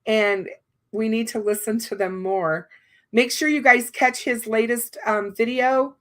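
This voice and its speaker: A woman hosts a livestream in casual chat, her voice strained and worn, talking on with many fillers and giving warm thanks. Her voice is a little high, fairly even in intonation and unhurried.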